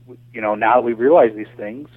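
A man's voice: mid-range voice, fast, no room sound. American man, impassioned guest, heated ranting delivery, thin phone-line sound. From United States. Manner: passionate, ranting, frequent restarts and fillers. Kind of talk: casual conversation over a call. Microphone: phone or voice call. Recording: tinny phone line, dry.

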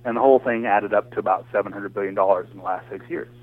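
A man's voice: fairly low pitch, fairly even intonation, fast, no echo. American man, impassioned guest, heated ranting delivery, thin phone-line sound. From United States. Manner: passionate, ranting, frequent restarts and fillers. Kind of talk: casual conversation over a call. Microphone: phone or voice call. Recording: tinny phone line, dry.

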